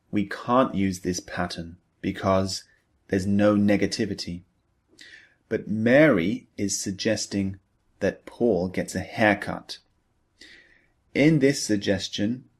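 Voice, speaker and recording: Man, English teacher, slow unhurried delivery, patient explaining, rhetorical questions. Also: fairly low pitch, slightly rough. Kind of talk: scripted lesson explanation.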